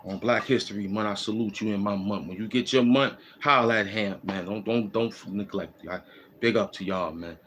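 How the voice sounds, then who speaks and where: A man's voice: on the low side, moderate pace, fairly bright tone, a little hiss or hum. A man hosting a casual walking vlog, giving loose, repetitive, slangy street advice. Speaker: host. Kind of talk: rambling streetwise monologue. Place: outdoors in the cold.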